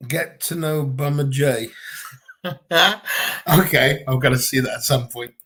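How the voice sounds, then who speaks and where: A man's voice: mid-range voice, steady tone, a little slow, a bit bright, slightly rough. A man with a Gibraltarian accent, chatting bluntly and casually on a livestream Q&A from home, swearing freely. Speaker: livestream co-host.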